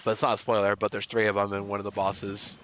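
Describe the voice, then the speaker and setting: A young man streaming a game live, chatting with viewers and loudly overreacting to surprises. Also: fairly low pitch, monotone, fast, dry recording.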